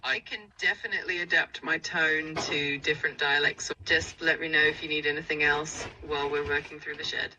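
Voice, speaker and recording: A synthetic woman's voice with a standard modern British accent, pitched very low yet bright. She is upbeat and reassuring in the smooth manner of an assistant. She plays from a distant speaker with faint noise. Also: steady tone, fairly quick, hardly any pauses, dull audio. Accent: standard modern British English.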